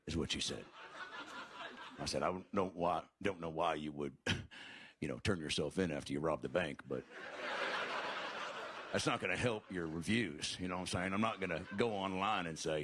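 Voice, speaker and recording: A man telling stand-up stories in a deadpan, mumbling way full of fillers, on a comedy club stage. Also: extremely low pitch, background noise. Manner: slow, mumbling, filler-heavy delivery.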